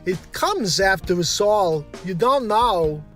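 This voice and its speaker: A man doing a deadpan, halting impression of an older actor in a comedy face-swap clip. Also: high-pitched, faint music behind, pitched above the performer's own voice, heavily acted. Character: impression of an odd-paced older male actor.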